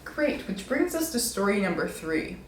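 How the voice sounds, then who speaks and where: A woman's voice: mid-range voice, sing-song, normal speed, a little hiss or hum. Rambling young woman vlogger, echoey room. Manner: rambling, self-mocking, many "like"s. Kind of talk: casual storytelling.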